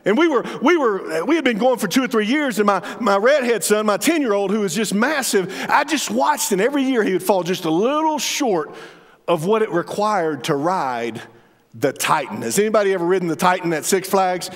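A man's voice: animated, fairly quick. A man, preaching a humorous storytelling sermon in church. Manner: storytelling, humorous, drops to a soft low voice for emphasis. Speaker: pastor. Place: church sanctuary. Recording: reverberant church hall.

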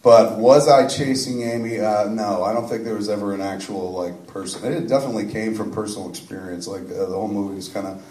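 A low-voiced man tells a rambling, profanity-laced, self-deprecating story to a live audience. He is picked up from a distance, and his voice echoes around the room. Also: steady tone, quick pace, hardly any pauses, a little mellow. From suburban New Jersey. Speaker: filmmaker answering audience questions.

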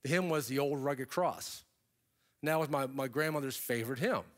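A man's voice: medium pitch, normal speed. A middle-aged man giving a storytelling keynote speech, acting out the voices of people in his stories. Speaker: keynote speaker.

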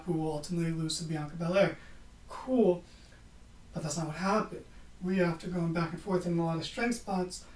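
A man hosting a podcast, giving a casual, sarcastic wrestling recap and swearing freely. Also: high voice. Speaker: podcast host. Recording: roomy, distant from the mic.

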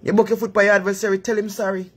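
Jamaican woman, husky, preachy live-stream host advising viewers. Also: medium pitch, flat delivery, rapid-fire. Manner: earnest, advising, in patois-laced talk.

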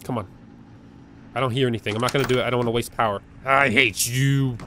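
A man giving live commentary as he plays a horror game. He is jumpy and nervous, repeats words in quick bursts and begs the game's enemies to go away. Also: mid-range voice, steady tone, a bit bright, a little hiss or hum. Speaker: gaming video creator. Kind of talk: live let's-play commentary.

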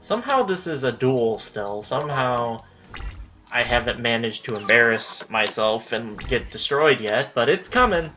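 With faint music behind them, the host narrates a let's-play in a very animated, sharp-toned voice of medium pitch, keeping a measured pace. It's loose self-talk, peppered with frequent "dude"s.

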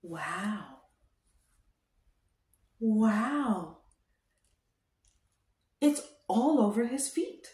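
Slow, sing-song woman host for toddlers. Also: medium pitch, expressive, dark tone. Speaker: children's show host. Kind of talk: teaching toddlers. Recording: roomy echo.

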